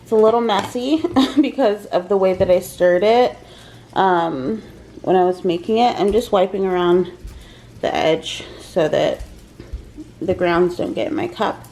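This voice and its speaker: In a home kitchen vlog, a woman with a mid-range, slightly mellow voice chats unhurriedly as she cooks, explaining each step with frequent ums. A kitchen fan and frying sounds hum faintly behind her.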